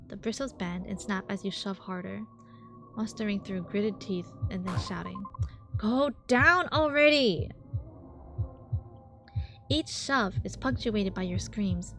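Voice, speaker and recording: Jumpy young woman streamer reading horror. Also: medium pitch. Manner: jumpy, squeals and shrieks at scares. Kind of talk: reading a horror visual novel aloud with reactions. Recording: background music.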